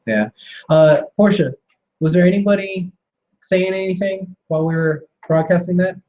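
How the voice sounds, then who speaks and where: On dull audio, a high, slightly mellow man's voice speaks at normal speed. As host of a live wrestling radio show, he keeps a casual interview chat with a guest moving along, laughing often, staying easygoing, and wrapping up segments.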